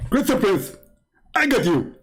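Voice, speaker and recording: A man's voice: sits high, big pitch swings, normal speed, breathy edge, pitched above the performer's own voice, heavily acted. A man putting on the voice of a smug, mocking male preacher who taunts and giggles. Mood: taunting.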